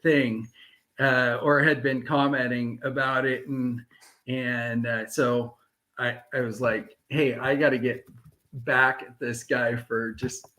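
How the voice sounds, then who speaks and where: A man's voice: medium pitch, level tone, slow, bright, forceful tone, low-quality recording. A man hosting a casual podcast chat, talking hesitantly with many fillers and easy laughs. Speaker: podcast host.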